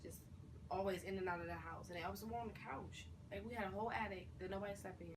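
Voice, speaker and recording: Quick, chatty woman with background noise. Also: mid-range voice, steady tone. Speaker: interviewee. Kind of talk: casual storytelling.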